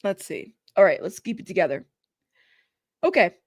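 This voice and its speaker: A woman with a gravelly, fry-edged voice hosts a commentary stream. She reads courtroom transcripts aloud, then drifts into loose, laughing asides aimed at her audience. The sound is dry and close, with almost no room. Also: medium pitch, big pitch swings, normal speed, a little mellow, dry recording. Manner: chatty, laughs often, talks directly to her viewers. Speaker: host of a news commentary channel.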